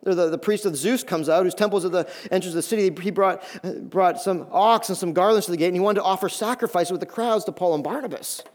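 A man preaching a sermon as a pastor, animated and often repeating words as he builds emphasis. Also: high-pitched, fast talker, few pauses.

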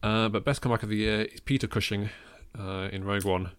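A man's voice: fairly low pitch, fairly even intonation, fast talker, clear, resonant tone. A man hosting a casual film podcast, talking in a wry way with many ums and chuckles at his own jokes. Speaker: podcast host.

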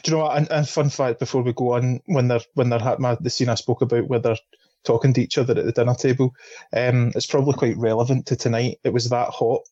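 A man's voice: mid-range voice, fast, no echo. A man chatting casually about films, swearing freely and telling stories with gusto. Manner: animated, sweary storyteller. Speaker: film podcast panelist. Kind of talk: casual chat. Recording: dull lo-fi sound.

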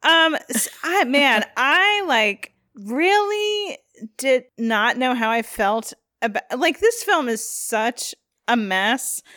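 A woman's voice: high-pitched, lively intonation, slow, sharp tone, no room sound, studio quality. A woman co-hosting a film podcast in a casual chat, rambling with many fillers and laughing often. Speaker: podcast co-host.

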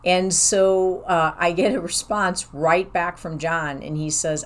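A woman's voice: lowish voice, measured pace, hardly any pauses. A woman talking casually about her own life, rambling and candid. She acts out what she and others said. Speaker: professional who sees clients in an office. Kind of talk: casual personal storytelling.

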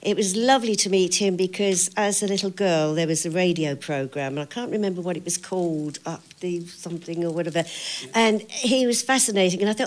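Older English actress reminiscing, chatty. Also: female voice, fairly low pitch, moderate pace. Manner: chatty, laughing, does voices in anecdotes. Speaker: guest actress. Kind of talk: interview reminiscing on stage.

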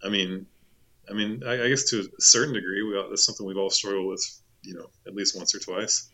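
A man's voice: fairly low pitch, steady tone, a little fast, bright, forceful tone. A man co-hosting a podcast in casual chat, rambling with restarts. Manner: rambling, many restarts, laughs often. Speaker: podcast co-host.

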